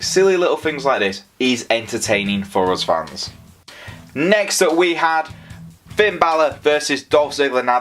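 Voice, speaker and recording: A man's voice: mid-range voice, fairly bright tone. A man giving a casual, sarcastic and rambling review of a wrestling show.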